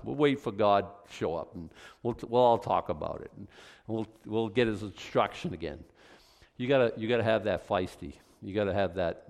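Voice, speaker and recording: A man's voice: lowish voice, lively intonation, moderate pace, vocal fry, a little mellow, big-room sound. A male pastor teaching a Bible study, fired up and emphatic, with conversational asides to the congregation.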